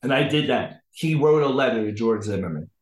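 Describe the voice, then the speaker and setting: A man, a guest on a podcast, tells a long personal story in casual chat and acts out the voices of the people in it. His voice sits at a middle pitch. The room around him is roomy and echoey. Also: brisk. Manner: animated storyteller acting out the people in his stories.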